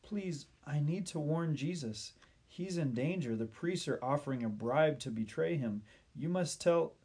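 A man's voice: medium pitch, expressive, moderate pace, a little mellow, breathy edge. A man voicing an honest, eager young boy in a storybook reading.

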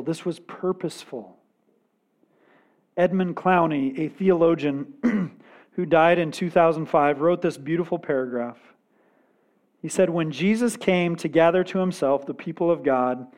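A man preaching a sermon in an earnest, measured way, with dramatic pauses and quiet emphasis. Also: fairly high pitch. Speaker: pastor.

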